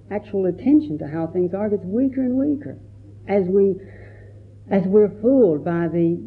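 A man, a Buddhist monk, giving a gentle, reflective dharma talk and telling stories with quoted voices. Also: high voice, creaky. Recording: tinny phone-like recording.

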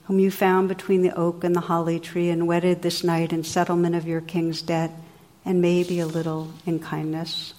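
A woman voicing a gentle, wise enchanted lady in a read-aloud legend, speaking slowly and sweetly. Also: on the low side, level tone, big-room sound, close to an everyday voice. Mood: earnest.

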